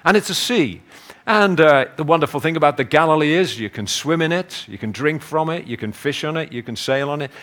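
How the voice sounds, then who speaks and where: A man preaching a sermon in a measured way, reading scripture and telling stories with energy. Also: a little high. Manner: measured, hushed prayer and lively storytelling.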